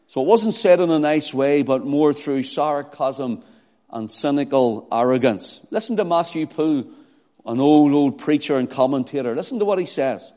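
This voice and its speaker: A man preaching a sermon, rising from quiet prayer into loud, emphatic delivery. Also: a little high, normal speed. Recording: long hall reverb.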